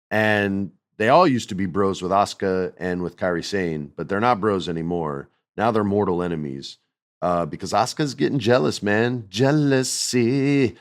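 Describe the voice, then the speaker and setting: A man hosting a casual wrestling podcast, joking and telling animated stories. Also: sits low. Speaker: podcast host.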